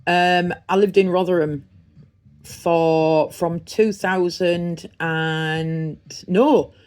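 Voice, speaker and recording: A woman's voice: fairly low pitch, steady tone, drawn-out words, darkish tone, clear, resonant tone. A middle-aged woman from the North East with a Teesside accent, chatting casually and rambling through an unboxing vlog. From Redcar, North East England. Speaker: vlogger.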